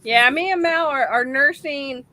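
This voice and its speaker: A woman's voice: high-pitched, measured pace, bright, forceful tone. A woman co-hosting a casual live stream, greeting viewers by name and laughing often while she has a cold. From South Texas.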